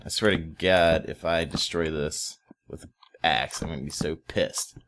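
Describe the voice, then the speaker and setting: A man's voice: extremely low pitch, fairly even intonation, measured pace, fairly bright tone, slight background noise. A young man casually commenting while playing a modded block game, rambling, swearing offhand and chatting to viewers and in-game animals. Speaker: Let's Play host.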